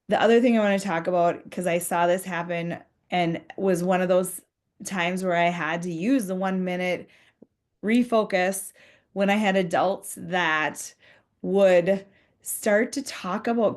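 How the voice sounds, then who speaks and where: A woman's voice: on the low side, darkish tone. A woman giving a conversational professional development talk to school leaders, earnest, acting out short example dialogues.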